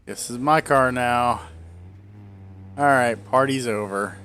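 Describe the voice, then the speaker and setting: A man's voice: medium pitch, takes it slowly, fairly bright tone, slight background noise. A man in his forties talking casually over gameplay, rambling off into tangents, hiccuping and speaking around a swollen tongue. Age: 40s. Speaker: gameplay video creator.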